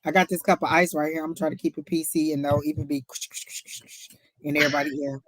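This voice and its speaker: A woman's voice: low-pitched, fairly even intonation, fast talker. Chatty woman co-hosting a live stream. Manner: chatty, storytelling, talks to viewers directly. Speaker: co-host of a live tarot reading stream. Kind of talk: casual chat.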